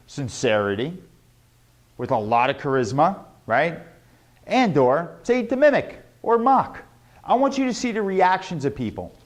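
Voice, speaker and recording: A man giving a motivational sales lesson, emphatic and animated, repeating key words for stress. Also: a little high. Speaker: sales trainer.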